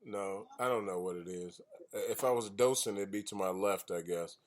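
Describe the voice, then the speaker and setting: A man's voice: fairly low pitch, normal speed. A man hosting an independent radio show over a video call, chatting loosely with lots of fillers and restarts. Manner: rambling, loose and joking, with many fillers and restarts.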